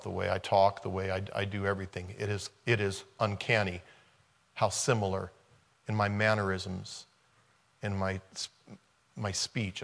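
A man's voice: fairly low pitch, gravelly, fairly bright tone. A man preaching a conversational sermon, retelling a film scene and repeating rhetorical questions.

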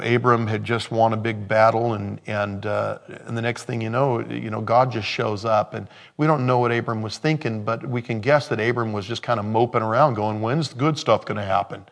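A male pastor delivering a sermon, moving from quiet scripture reading to loud, emphatic preaching. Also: medium pitch.

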